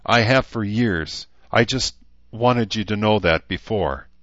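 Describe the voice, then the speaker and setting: A man's voice: fairly low pitch, unhurried, a bit bright, no room sound, muffled recording, voice pushed up. A man voicing an earnest, awkward young soldier with an anxious delivery.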